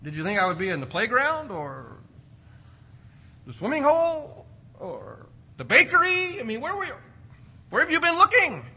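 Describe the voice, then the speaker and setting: A man's voice: high-pitched, big pitch swings, brisk, hardly any pauses, bright, forceful tone, breathy edge, long reverb tail, heavily acted. A preacher voicing a boy incredulously chiding his parents for not knowing where he would be.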